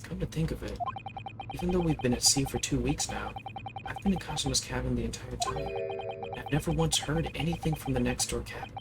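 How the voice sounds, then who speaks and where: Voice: mid-range voice, brisk, loud music behind the voice. A streamer reading a visual novel aloud on a live stream, polite in the dialogue and playful in the asides. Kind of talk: live game voice-over reading.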